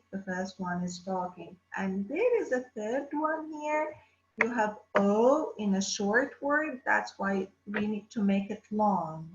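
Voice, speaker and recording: A woman teaching an English lesson to children, drawing out words slowly and asking the class questions. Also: mid-range voice, slight background noise. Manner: slow, drawn-out words, addressing children. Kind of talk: distance-learning phonics lesson. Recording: roomy, dull lo-fi sound.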